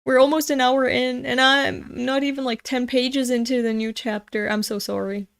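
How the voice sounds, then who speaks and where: Her voice sits high with little pitch movement, clean in tone but with vocal fry, at a normal speed. This European channel host reads manga along with her audience, rambling on tangents, cursing freely and addressing viewers in casual chat.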